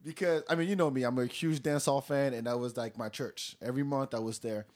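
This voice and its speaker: A man hosting a podcast, chatting casually and telling stories in an animated, joking way. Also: mid-range voice, fast talker. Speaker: podcast host.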